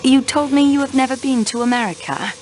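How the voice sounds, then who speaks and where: An actress playing a young railway clerk turned investigator in a mystery video game, polite but insistent in questioning. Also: female voice, sits high, brisk, darkish tone, a little hiss or hum, natural voice, low-quality recording. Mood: poised, probing. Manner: poised, probing, politely insistent.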